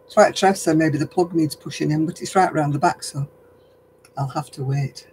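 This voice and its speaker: An older man hosts a casual livestream chat, rambling along chattily and laughing often. His voice is on the high side and a little mellow, at a moderate pace, in a low-quality recording with a bit of hiss or hum.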